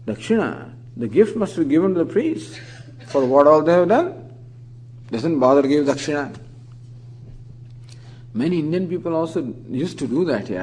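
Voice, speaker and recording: A man teaching scripture in a measured lecture, with a voice a shade higher than most men's. He pronounces Sanskrit words slowly and deliberately, then unpacks them in plain English. His pitch lifts when he wants to stress a point. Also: rough recording. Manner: explanatory, reciting Sanskrit terms slowly, then expanding in English.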